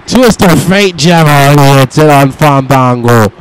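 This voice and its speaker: Young man doing smooth wrestling-game commentary. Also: medium pitch, expressive, unhurried, low-quality recording. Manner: casual, swearing, voicing wrestlers' thoughts in asides. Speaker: gameplay commentator. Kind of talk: mock wrestling play-by-play over a video game.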